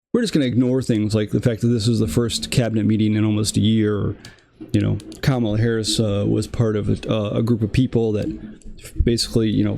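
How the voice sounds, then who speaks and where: A man's voice: mid-range voice, creaky, dark tone. A young man hosting a political commentary show, delivering a casual, exasperated rant full of fillers and restarts.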